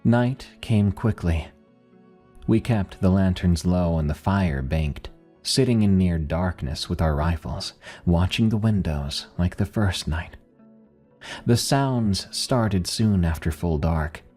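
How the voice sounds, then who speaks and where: Man narrating horror, very low husky voice, faint music under it. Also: expressive, slow pace, a little mellow. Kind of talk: scripted first-person horror narration.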